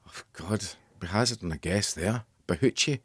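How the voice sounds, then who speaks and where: A middle-aged Scottish man in a radio studio, chatting in a casual interview, halting and rambling with many restarts. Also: fairly low pitch, husky, dry recording. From Scotland. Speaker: band member guest.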